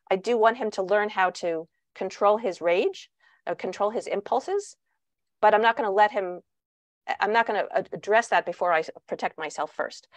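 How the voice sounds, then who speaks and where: A woman explains her parenting advice over a video call and acts out the voices she quotes with real energy. Her voice sits at a middle pitch. The sound is dry and close, with no room echo. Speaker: parenting author and guest speaker. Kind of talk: answering questions on a video call.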